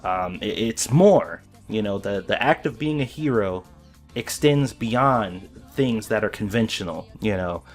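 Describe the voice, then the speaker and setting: A man giving casual reaction commentary on an anime episode, excited and rambling, often restarting his sentences. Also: lowish voice, measured pace, faint music behind.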